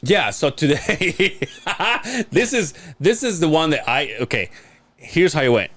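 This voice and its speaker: A man's voice: fairly high pitch, unhurried. A man co-hosting a podcast, telling a story in casual chat, laughing often and swearing freely. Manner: laughing storyteller, animated and profane. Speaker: podcast co-host.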